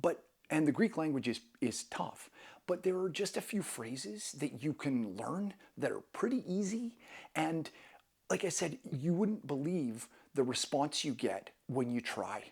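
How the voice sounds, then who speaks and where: Gravelly, husky-voiced man chatting enthusiastically. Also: fairly high pitch, big pitch swings, unhurried, darkish tone. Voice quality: enthusiastic, rambling, many restarts. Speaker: travel vlogger. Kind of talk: casual travel tips to camera.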